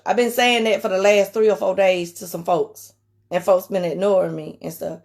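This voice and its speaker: A woman with a raspy voice and a country twang, preaching in a casual live-stream sermon. She is emphatic, repeats key phrases and speaks to viewers by name. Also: mid-range voice, fairly even intonation, normal speed, a little mellow.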